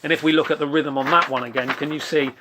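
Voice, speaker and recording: A man's voice: on the high side, fairly even intonation, fast talker, background noise. Chatty man scat-singing rhythm syllables. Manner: self-deprecating asides. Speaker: saxophone teacher. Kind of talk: relaxed instructional talk.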